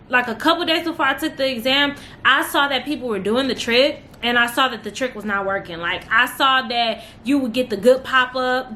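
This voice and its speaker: A young woman talks straight to her viewers in a loose, emotional vlog chat. Her voice is bright and sits a little high. A faint hum of room noise runs underneath. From Texas. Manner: chatty, emotional, addresses viewers as y'all. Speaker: vlogger, newly licensed nurse. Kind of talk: casual chat to camera.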